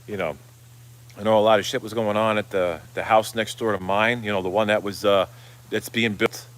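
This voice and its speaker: A man's voice: on the low side, steady tone, fairly quick. A middle-aged man hosting a casual live stream, rambling, swearing freely and reading out viewer comments. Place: Florida, outdoors.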